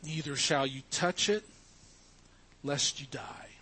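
A man delivers a sermon in a slow, deliberate cadence, leaning hard on key words. His voice sits a little high for a man, and he speaks straight to the congregation as he teaches. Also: bright, forceful tone, husky. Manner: emphatic preaching, addresses the congregation as church. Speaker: pastor.

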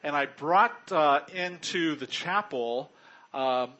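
A man's voice: a little high, slow pace, sharp tone, dull audio. A middle-aged man preaching a sermon in a chatty, joking way, often chuckling. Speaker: pastor.

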